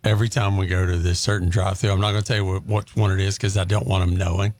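A man's voice: deep voice, level tone, fast talker, a little mellow, no echo. A middle-aged man hosting a radio morning show, chatty and full of questions in casual banter.

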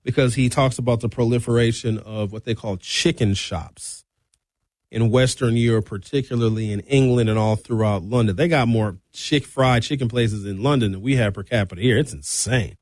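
A man's voice: moderate pace, no room sound. Middle-aged male talk radio host, blunt and sarcastic, dry close mic. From Wisconsin. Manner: animated, blunt, sarcastic, with sudden high-pitched outbursts. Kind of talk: opinionated talk radio monologue.

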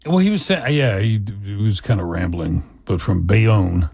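A man's voice: on the low side, very animated, normal speed, gravelly, darkish tone, husky, no room sound. A male radio talk show co-host, giving opinions with many restarts.

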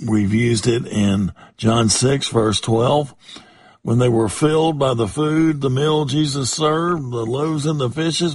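Slow, earnest husky male pastor. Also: medium pitch, a little mellow, no room sound. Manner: slow, earnest, drawn-out phrasing. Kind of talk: sermon.

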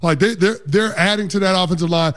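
A high-voiced man co-hosting a sports talk show as its football analyst. He breaks things down with confidence, dropping "like" often as he goes. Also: fast, a bit bright. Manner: confident, explanatory, uses "like" often.

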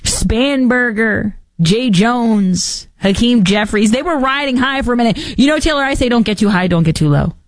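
A woman's voice: a little high, lively intonation, normal speed, no echo, clean studio sound. Sarcastic woman hosting a political show. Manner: sarcastic, mocking asides and put-on quotes. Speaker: podcast host. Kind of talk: opinionated political commentary.

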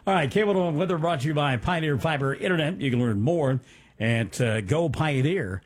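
Husky man chatting on local radio. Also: on the high side, animated, moderate pace. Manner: conversational, enthusiastic asides. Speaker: radio co-host. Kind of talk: local radio news chat.

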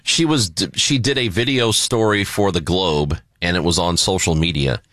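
A man from Southern Illinois hosting a radio show, chatting casually and telling animated stories with laughter. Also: sits low, normal speed, dry recording, studio quality. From Southern Illinois, USA.

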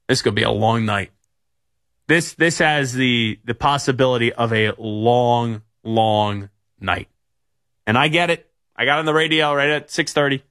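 A man's voice: mid-range voice, fairly bright tone. A young man hosting sports radio, telling stories in a rambling way with many restarts. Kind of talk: casual sports radio talk.

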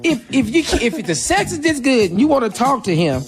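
A woman's voice: on the high side, sing-song, brisk, over music. A woman co-hosting a radio show in casual banter, joking and laughing often as she gives advice. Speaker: co-host giving advice.

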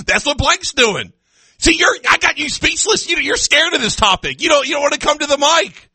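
A man in his thirties holds forth on a sports radio show, loud and animated with bursts of laughter. His voice sits high and very bright, and it swings widely in pitch. The studio sound is dry and close, right on the mic. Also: a little slow, no echo. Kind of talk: sports talk radio banter.

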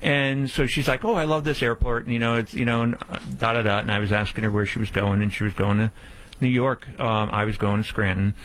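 A man's voice: on the low side, fairly even intonation, fairly bright tone, low-quality recording. A man hosting a call-in radio show, telling a rambling anecdote full of fillers and giving out the call-in number. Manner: upbeat plug with slow repeated phone number.

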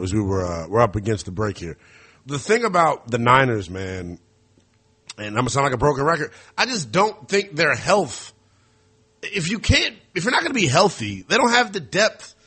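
A male sports radio host with a lively, swooping delivery and a bright, forceful edge to his voice. He talks in animated, teasing bursts, slightly husky, and ribs his callers as he goes. The voice sits a little higher than most men's.

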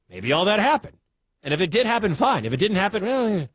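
A man's voice: sits high, very animated, quick pace, a bit bright, husky, dry recording. A man from the Midwestern US hosting a sports talk radio show, chatty and incredulous.

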